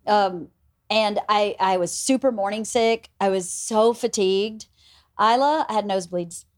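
A woman's voice: medium pitch, a little slow. A young woman, the host's daughter, chatting casually and laughing along. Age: young adult. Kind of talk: casual chat.

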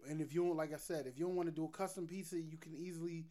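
Male co-host, laid-back slang, slightly high pitch. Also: fairly even intonation, very fast, dark tone. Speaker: podcast co-host. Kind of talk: casual chat.

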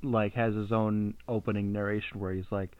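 A man's voice: fairly low pitch, flat delivery, brisk, crowd noise. A man in casual podcast chat, hesitant and repeating words as he recommends shows. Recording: thin phone-like line.

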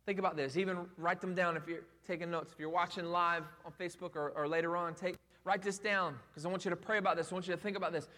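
Pastor, male, high and bright tone, chatty emphatic preaching full of rhetorical questions. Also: quick pace, few pauses. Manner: animated, emphatic repetition. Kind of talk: sermon.

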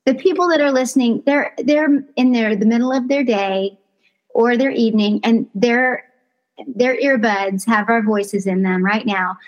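Bright-voiced woman hosting an interview. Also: a little high, unhurried, highs cut off. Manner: warm, affectionate, wraps up with encouragement. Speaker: podcast host. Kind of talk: casual interview.

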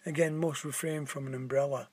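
A man's voice: a little high, steady tone, fairly quick, darkish tone, husky, dry recording. A man voicing a matter-of-fact middle-aged park keeper in a put-on Scottish accent, explaining things plainly.

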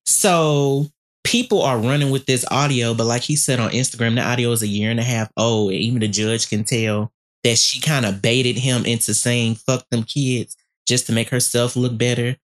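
A woman with an extremely deep voice, recapping gossip on a podcast in a sassy, profane manner. She speaks around a dental retainer that slightly trips up her words. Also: steady tone, moderate pace. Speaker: podcast co-host.

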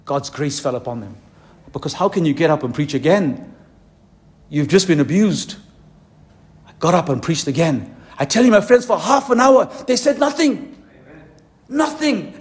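A male pastor with a fairly high voice delivers a fervent sermon at a conference. He leans hard on slow, emphatic phrases. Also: big pitch swings. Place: conference hall.

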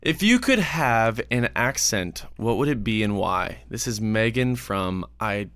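A man's voice: fairly low pitch, expressive, a little slow, fairly bright tone, smooth, no echo. Hesitant rambling man reading questions. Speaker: podcast co-host. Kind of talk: casual group chat.

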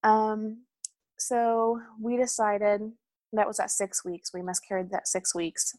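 Young woman rambling thru a personal story, lots of ums, mid pitch, no room echo. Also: steady tone, takes it slowly, a little mellow. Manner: candid, frequent ums, rambling asides. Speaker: hospital supervisor sharing a personal story.

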